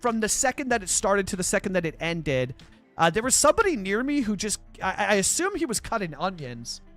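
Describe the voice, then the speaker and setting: A man from Canada chatting on a live stream, excited and rambling, tripping over his words as he goes. His voice sits high for a man, and faint music plays under it. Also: a little fast. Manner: excited, rambling, with many restarts and fillers. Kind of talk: casual chat with live chat viewers.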